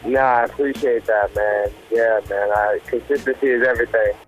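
A young man from Las Vegas talking in a relaxed, easygoing way as an interview guest. His voice sits at an ordinary pitch for a man, and he drops "you know" and "man" as he goes. Faint music plays underneath. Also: moderate pace, rough recording. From Las Vegas, United States. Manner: laid-back, loose, sprinkled with "you know" and "man". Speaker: rapper guest. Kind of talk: casual interview chat.

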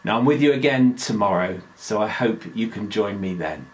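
A man giving a daily devotional talk, reading scripture aloud in a slow, earnest, measured way. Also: on the low side.

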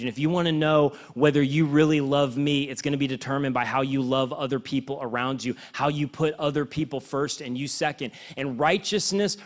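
A man preaching a sermon as pastor, conversational and animated, swinging between loud emphatic runs and hushed, intense stretches. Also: a little high.

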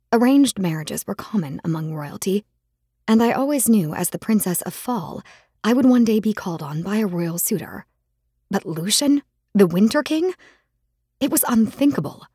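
A woman reads a fantasy novel aloud in the first person, dramatic and expressive. Her voice is husky and breathy, recorded dry and close with no room sound. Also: medium pitch, no echo. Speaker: audiobook narrator. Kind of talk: first-person scripted narration.

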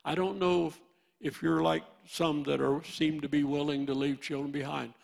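A man in his eighties with a Midwestern American accent, preaching a sermon and swinging from loud bursts to hushed storytelling. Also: on the high side, level tone, normal speed, gravelly. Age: 80s.

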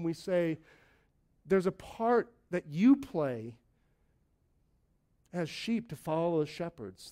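Male preacher with a high voice, chatty and joking, leading a small church. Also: dark tone. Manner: conversational, joking asides, acts out quoted voices. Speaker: lead elder of a church plant. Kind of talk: sermon.

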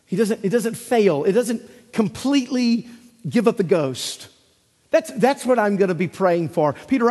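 A man preaches with a high, slightly husky voice. He is earnest, presses his listeners with rhetorical questions and repeats key phrases. His words ring with the long reverb of a church hall. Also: warm tone. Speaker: pastor. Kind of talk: sermon.

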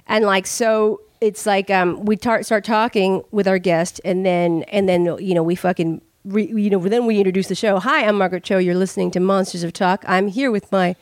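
A woman's voice: medium pitch, fairly even intonation, moderate pace, few pauses, a little mellow, no room sound, studio quality. A woman hosting a podcast in casual chat, rambling with many fillers and restarts and swearing freely. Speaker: podcast host.

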